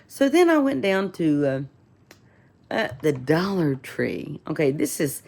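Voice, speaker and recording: A woman's voice: low-pitched, very animated, a little slow, vocal fry, darkish tone. A woman telling a rambling, indignant story in a casual vlog, full of fillers and restarts. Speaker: vlogger.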